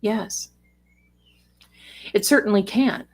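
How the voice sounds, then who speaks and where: Slow, chatty woman hosting a livestream. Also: mid-range voice, creaky. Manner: chatty, rambling, addresses viewers as darling and sister. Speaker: livestream host and psychic reader. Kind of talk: casual livestream chat. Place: home, cat on her lap. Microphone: desk microphone.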